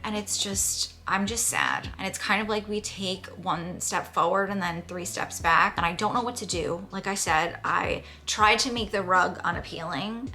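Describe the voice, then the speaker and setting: Bright-voiced gushing woman vlogger. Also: fairly low pitch. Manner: gushing, self-aware dramatic. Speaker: home vlogger. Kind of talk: casual vlog talk to camera. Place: home bedroom, indoors.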